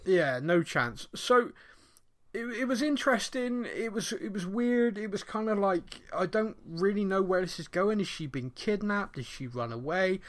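Man, middle-aged, rambling podcast co-host, animated, laughs a lot, a bit raised in pitch. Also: normal speed. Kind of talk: casual TV recap chat.

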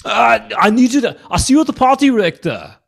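A man's voice: extremely high pitch, sing-song, fairly quick, creaky, slightly rough, pitched above the performer's own voice, heavily acted. A man doing a hammy impression of a male action-movie star, given a mock English accent.

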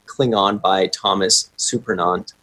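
A man's voice: sits low, steady tone, measured pace, bright, forceful tone, breathy edge. A man chatting casually as podcast co-host, eager and rambling like a self-described nerd. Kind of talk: casual chat.

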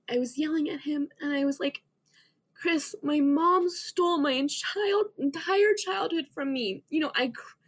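With a fairly high pitch, a young woman guesting on a podcast relates an emotional story about herself. Her delivery is earnest and halting, with many restarts.

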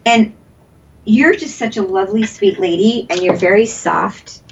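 A woman's voice: medium pitch, unhurried, vocal fry, dull audio, slight background noise. A woman leading a guided energy healing session, soothing and repeating breathing cues, laughing often. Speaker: energy healer.

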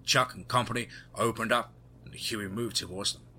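Husky, low male storyteller. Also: steady tone, brisk, pushed and bright. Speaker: narrator. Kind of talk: first-person story narration.

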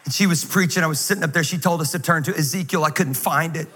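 High-voiced joking preacher man. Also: quick pace. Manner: energetic, joking, conversational preaching. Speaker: guest pastor. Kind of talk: sermon. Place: large church auditorium. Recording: reverberant hall, faint noise.

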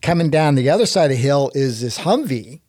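A middle-aged man from Texas telling a story in a casual chat, animated and jumping up in pitch whenever he quotes others. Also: a little fast, no room sound, studio quality. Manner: animated, jumps up in pitch when quoting others.

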